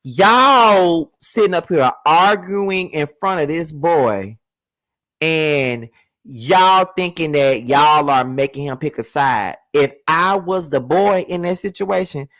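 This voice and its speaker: A man's voice: fairly high pitch, fairly bright tone. A man giving a live reality TV recap, ranting to his viewers with lots of profanity. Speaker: TV show reviewer.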